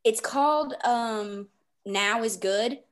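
A woman hosting a book podcast, chatting in an excitable, gushing way and rambling with many fillers. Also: a little high, takes it slowly. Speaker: podcast host. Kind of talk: casual podcast chat.

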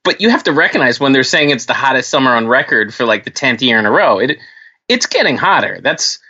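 A man's voice: medium pitch, brisk, breathy edge, dull audio. A man co-hosting a podcast, telling stories in casual chat and acting out the voices of the people in them. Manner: animated, swears, acts out voices in stories. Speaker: podcast co-host.

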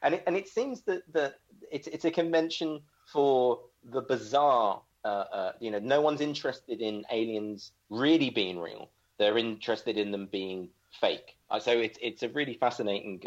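A man's voice: mid-range voice, moderate pace, few pauses. A man co-hosting a casual movie podcast, rambling and joking with lots of restarts. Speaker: podcast co-host. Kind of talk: casual movie-review chat. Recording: dull lo-fi sound.

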